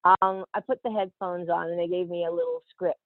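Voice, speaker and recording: A woman from Australia, an actress, telling stories in an animated interview and often laughing. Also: fairly low pitch, brisk, dry recording. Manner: animated, laughing, quotes other voices. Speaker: actress guest. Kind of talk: casual interview storytelling. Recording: tinny phone-like line, dry.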